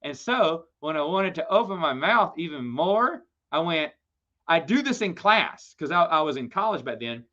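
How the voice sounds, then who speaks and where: A man hosting a live Q&A stream, chatting casually and telling lively, playful stories to viewers. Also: a little high, moderate pace. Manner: animated storytelling, lively and playful. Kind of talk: casual livestream chat. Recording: dull lo-fi stream audio.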